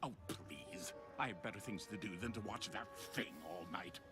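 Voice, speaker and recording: A man's voice: low voice, normal speed, natural voice. A man voicing a theatrical, needy male chaos spirit in a cartoon, with a dramatic, hammy delivery over music. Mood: smug. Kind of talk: cartoon voice acting. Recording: music behind the voice.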